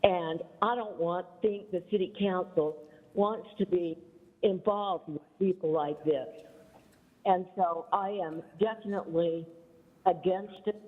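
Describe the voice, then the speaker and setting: A woman's voice: fairly low pitch, unhurried. A woman in her seventies making an emphatic, defiant public comment at a council meeting, calling in remotely. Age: 70s. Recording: tinny phone line played into a reverberant hall.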